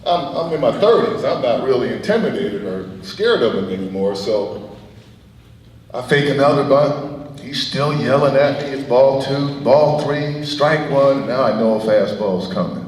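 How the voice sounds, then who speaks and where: Middle-aged male guest speaker telling lively anecdotes, mid-pitched voice, recorded from a distance in a reverberant hall. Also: unhurried, slight background noise. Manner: animated anecdotes, chuckles often. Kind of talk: storytelling speech. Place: event hall. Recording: echoey hall, voice from far off.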